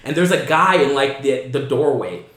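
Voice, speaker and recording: A man's voice: mid-range voice, moderate pace, fairly bright tone. A man around thirty, a comedian telling rambling stories on a podcast, full of filler words and laughter. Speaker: comedian guest. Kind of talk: casual podcast chat. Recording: roomy echoey podcast recording.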